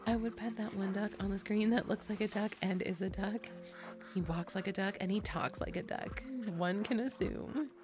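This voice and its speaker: An American woman streaming, chatting casually with viewers, giggly and chatty and loudly excitable. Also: mid-range voice, normal speed, music in the background.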